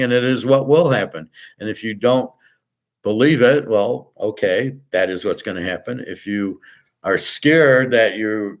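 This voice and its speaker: A man with a mid-range voice delivers a long, exasperated rant, blunt and full of profanity. He circles back over the same point, restarting sentences as his irritation builds. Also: medium pitch. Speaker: host. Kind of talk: ranting monologue.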